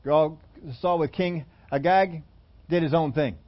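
A man with a slightly high voice delivers a sermon. He tells the scripture story with animation and slips into the characters' voices as he goes. The recording sounds dull and lo-fi. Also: unhurried. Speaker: preacher.

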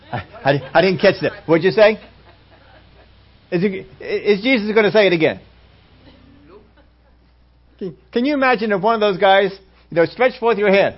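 A male pastor preaches with a fairly high voice. He acts out little scenes, jumping from loud exclamations to hushed asides. The recording sounds dull and lo-fi. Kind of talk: sermon.

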